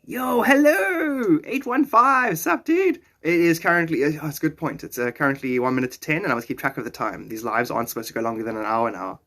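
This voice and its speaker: A man's voice: medium pitch, fairly even intonation, very fast, few pauses, a bit bright. A man in his forties with a South African accent, chatting casually and playfully with viewers on a live stream. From born in Zimbabwe, raised in South Africa. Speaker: livestreamer.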